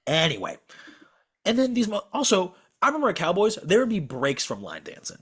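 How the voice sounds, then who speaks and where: A man's voice: sits high, huge pitch swings, a little fast, slightly rough. A young man co-hosting a podcast over a video call, telling a story as a profane, exasperated rant. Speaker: podcast co-host.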